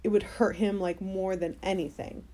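A young woman co-hosts a podcast in relaxed, rambling chat, leaning on fillers as she tells a story. Her voice is mellow and warm, at a middle pitch. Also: normal speed. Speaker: podcast co-host. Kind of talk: casual chat.

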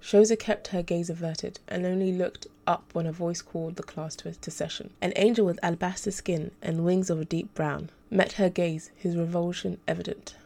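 A woman narrates an audiobook in a steady, measured way. Her voice is low and mellow, with a noticeable gravelly fry running through it.

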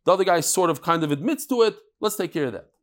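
Animated man teaching Talmud. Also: sits high, fast talker. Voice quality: animated, storytelling with acted quotes and sudden loud punches. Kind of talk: lively Talmud lecture.

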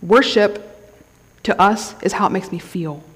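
A woman's voice: mid-range voice, unhurried, slightly rough. A woman giving a conversational sermon at a conference, often checking in with the crowd. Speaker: conference speaker. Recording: long hall reverb.

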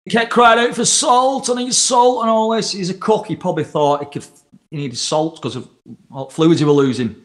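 A man's voice: a little high, brisk, fairly bright tone. A man, a podcast guest telling a long story in casual chat, rambling and swearing freely as he acts out the quotes.

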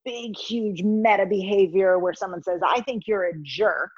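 A woman's voice: medium pitch, normal speed, husky, no room sound, lo-fi sound. A woman guest in an interview, telling stories with animation and acting out the voices of people in them. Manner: animated storyteller, acts out voices in anecdotes. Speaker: guest, communication consultant. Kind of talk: conversational storytelling interview.

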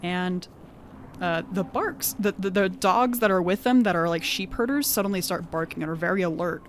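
Animated woman with an accent recapping a game. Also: fairly low pitch, normal speed, slight background noise. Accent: non-standard accent of her own. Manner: animated, laughing often, heavy use of "like". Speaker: podcast co-host recapping a tabletop game. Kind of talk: casual storytelling chat.

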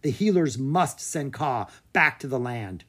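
A stern, commanding mother who leads her village, voiced by the narrator. She gives firm orders in a husky voice that rings out. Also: mid-range voice, animated, measured pace, a bit bright.

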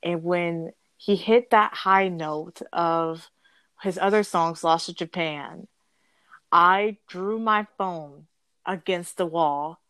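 A young woman with a fairly low voice tells a casual story in a bubbly, rambling way. She corrects herself often and breaks into giggles. The sound is close and dry. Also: takes it slowly, fairly bright tone, dry recording. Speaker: guest storyteller.

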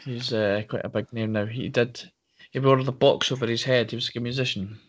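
Rambling podcast co-host. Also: male voice, mid-range voice, steady tone, fairly quick. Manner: rambling, searching for names, laughing. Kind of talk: casual chat.

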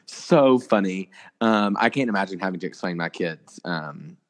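A man's voice: sits low, expressive, moderate pace. A young man co-hosting a podcast, chatting casually about celebrity gossip with lots of filler words. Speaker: podcast co-host.

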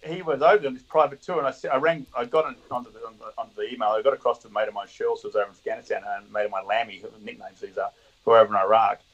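A man's voice: mid-range voice, racing, fairly bright tone, muffled recording, a little hiss or hum. A middle-aged man, a guest telling blunt, swear-laden stories and laughing along. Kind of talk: casual storytelling.

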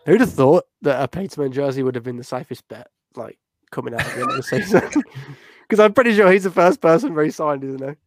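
A man's voice: a little high, lively intonation, fast talker, no room sound. Chatty man, dry close sound. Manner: chatty, laughs often, self-deprecating. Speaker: podcast co-host. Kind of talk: casual sports chat.

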